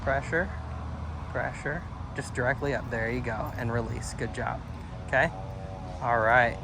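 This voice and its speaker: A man working as a dog trainer, coaching an owner outdoors with calm instructions and frequent praise. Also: mid-range voice, a little slow, background noise. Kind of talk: hands-on coaching. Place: outdoors at a house doorway and yard.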